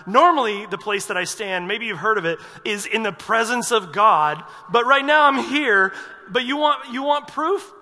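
A man's voice: high voice, lively intonation, moderate pace, sharp tone, voice pushed up, exaggerated voice. A man voicing a sarcastic, blunt male angel who is unimpressed with being doubted. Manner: sarcastic, exasperated. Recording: reverberant hall.

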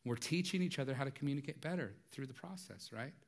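A man's voice: medium pitch, animated, fast talker, vocal fry, hardly any pauses. A man preaching a sermon in a conversational way, with light humor and frequent rhetorical asides. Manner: light humor, acts out everyday dialogue. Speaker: pastor.

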